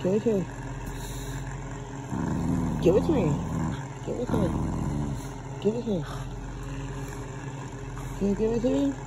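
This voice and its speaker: A woman's voice: a little high, animated, a little slow, pauses often, very noisy. A woman, scolding her dogs in a playful, exasperated way at bedtime at home. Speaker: pet owner. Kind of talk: home video vlog.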